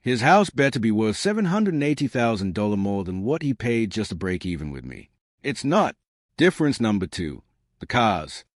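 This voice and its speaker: A man's voice: fairly low pitch, sing-song, normal speed, dry recording, clean studio sound. A man giving scripted first-person narration about personal finance, reading out dollar figures with an emphatic, punchy delivery.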